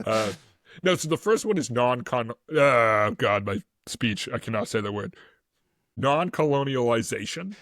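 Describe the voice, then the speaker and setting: A man's voice: fairly low pitch, animated, moderate pace, a bit bright, no room sound, clean studio sound. A man co-hosting a casual history podcast, rambling through his notes, stumbling over words and laughing often. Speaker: podcast co-host.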